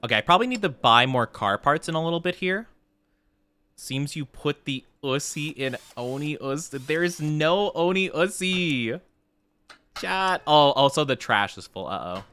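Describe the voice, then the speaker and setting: Playful, bright-voiced male game streamer. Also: fairly high pitch, expressive, measured pace, clean tone. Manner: playful, flustered denials when chat teases. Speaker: VTuber streamer. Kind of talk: live gameplay stream commentary, reading chat.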